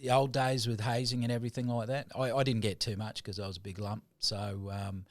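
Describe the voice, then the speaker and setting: Casting: middle-aged tradie from New Zealand, jokey podcast guest, dry close sound. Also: male voice, lowish voice, flat delivery, fairly quick, no room sound. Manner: jokey, laughing, says mate a lot. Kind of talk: casual podcast chat.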